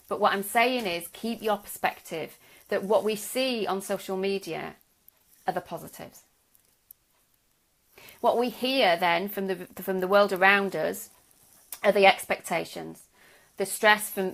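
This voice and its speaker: A middle-aged woman speaks to her viewers as a stress coach in a live video talk. Her voice sits at a middle pitch with a gravelly, creaky edge. She talks gently and reassuringly, checking in often and restarting her sentences.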